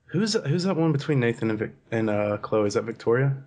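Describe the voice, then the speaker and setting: A man's voice: mid-range voice, fairly quick. Laid-back man chatting on a call. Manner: relaxed, laid-back, hesitant with fillers. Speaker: co-host. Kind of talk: casual chat on a call.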